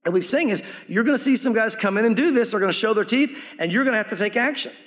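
A man's voice: sits high, lively intonation, fast, fairly bright tone, long reverb tail. A man preaching a sermon as pastor, in a conversational way that slips into acting out quoted voices.

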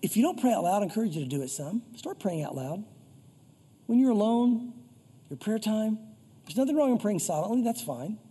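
A man's voice: high voice, very animated, brisk, warm tone, breathy edge. A man preaching a conversational sermon as pastor. He often acts out scripture and prayers in quoted voices, in a chatty, informal way. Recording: long hall reverb.

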